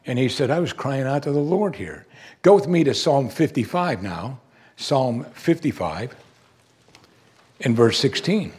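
A man preaching a sermon, emphatic and animated, asking the congregation rhetorical questions. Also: medium pitch, measured pace, husky. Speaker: pastor.

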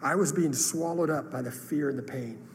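Earnest preacher in a reverberant hall. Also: male voice, fairly high pitch, normal speed, slight background noise. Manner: earnest, emotional testimony with rising outbursts. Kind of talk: sermon storytelling. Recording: long hall reverb, faint room ambience.

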